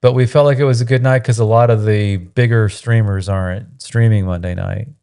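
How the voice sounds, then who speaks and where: A man's voice: fairly low pitch, fairly even intonation, brisk, dark tone, clean tone. A middle-aged man co-hosting a live stream, chatting casually and rambling a little.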